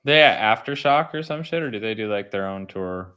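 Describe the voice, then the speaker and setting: A man's voice: on the low side, expressive, a little fast, pushed and bright, smooth. A man co-hosting a casual podcast chat, laid-back and rambling with lots of slang. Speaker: co-host.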